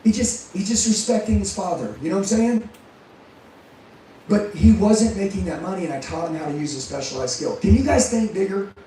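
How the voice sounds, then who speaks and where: A man's voice: high-pitched, lively intonation, brisk, mellow, a little hiss or hum. A man giving an intense, profane motivational speech to a live audience, firing rhetorical questions at the crowd. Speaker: motivational speaker and sales trainer. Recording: very echoey room, mic far off.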